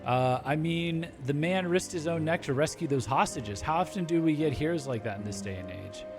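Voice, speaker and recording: An eager common townsperson from a fantasy game, chatty and folksy in the way they talk, as a man reads the lines aloud. The voice sits a little high for a man. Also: lively intonation, fairly quick, music in the background. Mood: admiring.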